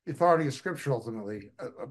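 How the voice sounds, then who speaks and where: A man speaking as a guest in a casual discussion, measured and matter-of-fact. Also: mid-range voice, expressive. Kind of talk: casual chat.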